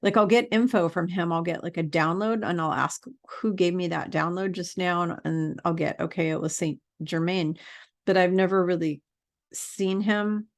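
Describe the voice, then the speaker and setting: A woman's voice: on the low side, steady tone, moderate pace. A woman spiritual teacher in a casual vlog monologue, earnest and rambling with many fillers.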